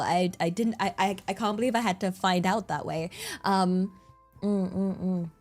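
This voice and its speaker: A woman's voice: mid-range voice, expressive, normal speed, soft background music. Rambling woman streamer, giggly. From England. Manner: chatty, rambling, laughs often. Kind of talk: casual chat.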